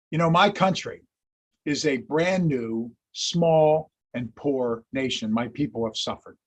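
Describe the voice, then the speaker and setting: A man giving a history lecture, telling the story with lively acted-out quotes. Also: medium pitch, husky.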